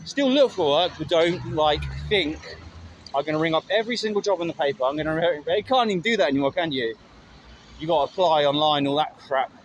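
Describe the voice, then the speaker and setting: A middle-aged man tells a rambling, candid story, swearing casually. His voice sits a little high. He records on a phone by a road, with faint traffic behind him. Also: brisk. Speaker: vlogger. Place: outdoors by a road with passing traffic. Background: faint traffic and street sounds.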